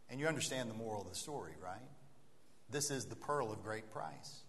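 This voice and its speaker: The fairly bright, medium-pitched voice belongs to a male preacher giving an evening sermon. Inside a church auditorium, he recounts a story and works up to an earnest plea, with long reverb from the hall and slight noise in the recording.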